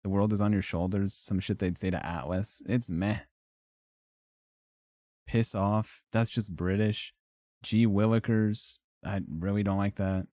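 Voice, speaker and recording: A man's voice: lowish voice, darkish tone, dry recording, studio quality. A man streaming live, ranking things in casual, profane, joking commentary and laughing often.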